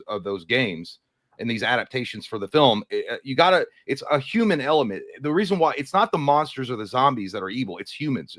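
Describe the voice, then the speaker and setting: A man's voice: medium pitch, fairly bright tone, dry recording, studio quality. A man co-hosting a live movie news stream, casually chatting and reading viewer comments, rambling and restarting his sentences, a little hungover. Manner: rambling, trails off and restarts, crude jokes.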